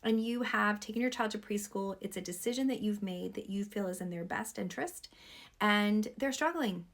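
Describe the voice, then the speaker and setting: Woman doctor giving earnest parenting advice to camera; some gravel in the voice. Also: medium pitch, brisk. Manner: earnest, advising parents directly. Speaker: pediatrician. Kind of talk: talking to camera.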